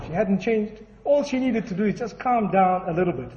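A man's voice: sits high, a little fast, few pauses, dark tone. A man giving an evening religious talk and telling a parable in a conversational way, often saying "you know". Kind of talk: sermon with a storytelling parable. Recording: distant dull hall recording with faint ambience.

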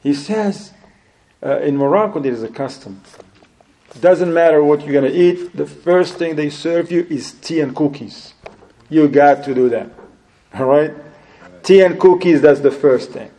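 A male religious teacher tells a story to his class in a lively, animated way. His voice sits a little high but sounds mellow and warm. His English is loosely put together and sprinkled with Arabic phrases. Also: measured pace, low-quality recording. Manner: loosely structured, non-standard English grammar. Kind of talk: anecdotal lesson to a class.

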